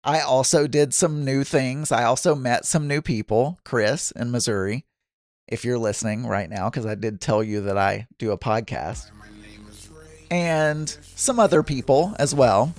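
A man's voice: mid-range voice, a little slow, darkish tone, dry recording. A man from Arkansas hosting a casual solo podcast, reading listener messages aloud in a chatty, self-deprecating way. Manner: chatty and self-deprecating, with frequent laughs and restarts. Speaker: podcast host.

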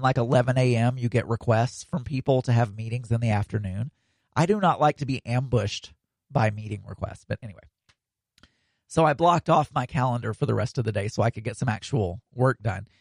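A man's voice: mid-range voice, no echo. A man hosting a casual solo podcast, rambling with plenty of fillers and restarts.

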